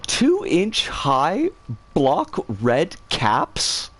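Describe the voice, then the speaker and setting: A woman streamer casually telling a story, animated and swearing freely. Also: deep voice, very slow, no room sound.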